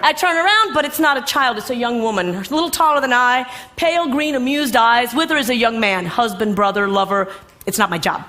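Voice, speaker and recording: A woman's voice: a little high, fairly quick, pushed and bright. A middle-aged woman telling a story before a live audience, with playful asides to the crowd.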